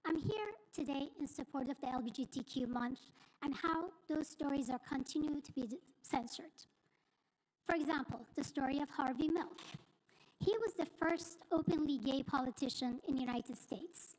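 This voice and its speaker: A woman resident reading a prepared statement at a school board public comment, steady with small slips. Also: high voice, moderate pace, poor audio. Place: school board meeting room.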